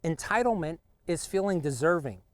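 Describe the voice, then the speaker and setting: A middle-aged man hosting an energetic motivational talk outdoors on a golf course, speaking punchily and directly to the viewer. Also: fairly high pitch, normal speed. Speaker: host. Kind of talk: motivational monologue.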